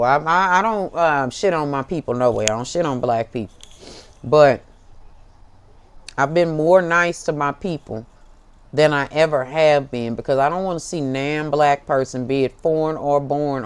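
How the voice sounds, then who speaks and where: A woman's voice: low-pitched, normal speed, smooth. An American woman hosting a tarot show, giving a fiery, profane, preachy monologue to camera and calling her listeners baby. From United States. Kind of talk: impassioned direct-to-camera monologue.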